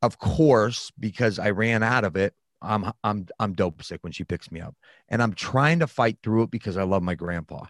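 A man's voice: on the low side, normal speed, no echo, clean studio sound. A man frankly recounting a personal story in conversation. He talks reflectively and often restarts his sentences.

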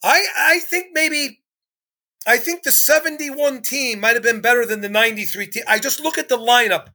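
A man's voice: extremely high pitch, moderate pace, bright, forceful tone. A man co-hosting a sports history podcast, talking emphatically and driving his points home with repeated "okay?". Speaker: podcast co-host. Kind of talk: casual sports chat.

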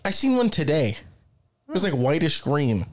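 A man's voice: on the high side, sing-song, normal speed. A man co-hosting a casual chat podcast, blunt and profane with a joking manner. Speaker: podcast co-host.

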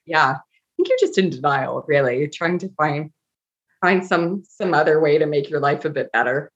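A woman's voice: deep voice, expressive, moderate pace, a bit bright. A middle-aged woman, a family doctor, chatting in an interview and telling funny stories about herself with frequent laughs. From Canada. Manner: laughing, self-mocking storyteller. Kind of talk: casual interview chat. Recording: dull lo-fi audio.

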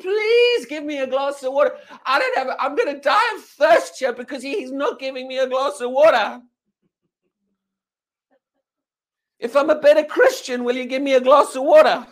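A man's voice: extremely high pitch, voice pushed up. A man putting on a whiny begging churchgoer. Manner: whiny, repetitive pleading. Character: pleading adult male churchgoer begging for water.

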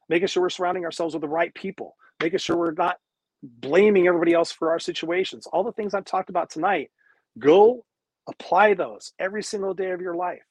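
A raised, husky male voice delivers a motivational coach's live-streamed talk. He swears freely and hammers his points home with preachy repetition. The sound is dry and close, picked up by wireless earbuds. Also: high-pitched, no room sound. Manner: emphatic, profane, preachy repetition.

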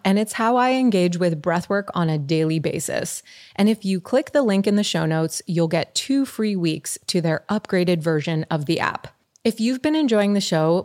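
A woman hosting a podcast, speaking softly and warmly affirming her guest and listeners. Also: lowish voice. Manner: soft, gentle, affirming. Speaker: podcast host. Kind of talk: podcast host chat and outro.

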